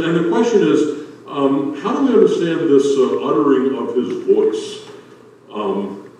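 A man in his sixties, a pastor preaching a sermon with a loud, booming voice and a folksy, joking storytelling manner. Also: a little hiss or hum. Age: 60s. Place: church sanctuary. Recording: very echoey, distant church room.

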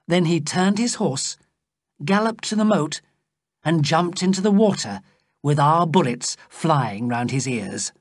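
A narrator reading a graded story aloud slowly and plainly for English learners. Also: dry recording, clean studio sound. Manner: slow, clear storytelling with lively pitch. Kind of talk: slow scripted audiobook narration for English learners.

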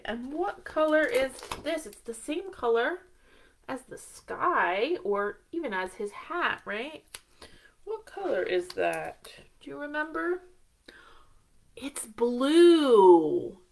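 A woman's voice: fairly high pitch, sing-song, slow pace, creaky, a little hiss or hum. A woman leading a children's library storytime, singing short rhymes and coaxing young kids to join in. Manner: cheerful sing-song, coaxing young children.

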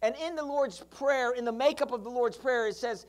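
Pastor preaching with animated storytelling. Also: medium pitch, normal speed, few pauses. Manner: storytelling, acting out Bible characters; calls out to the congregation for responses. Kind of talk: sermon.

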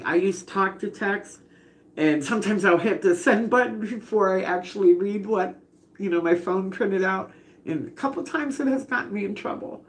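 A woman hosting a casual live cooking stream from her home kitchen, chatty, laughing often and greeting viewers by name. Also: medium pitch. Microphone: phone camera.

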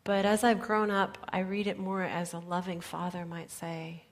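Earnest woman pastor preaching softly. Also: fairly low pitch, monotone, normal speed, hardly any pauses. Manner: earnest, drops to soft near-whispers for emphasis. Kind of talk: sermon.

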